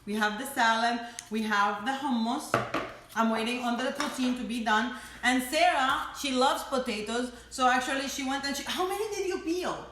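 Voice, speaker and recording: A chatty woman hosts a casual cooking stream from her home kitchen, teasing and laughing between remarks. Her voice sits a little high. The room is echoey, with a faint hum of noise behind her. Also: moderate pace, fairly bright tone. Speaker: cooking show host. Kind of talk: casual live cooking chat.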